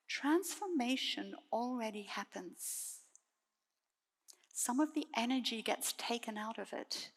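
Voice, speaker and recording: A Buddhist nun gives a dharma talk in a soft, gentle voice of middling pitch. She speaks slowly and leaves calm pauses between phrases. Her words ring out with the long reverb of a meditation hall.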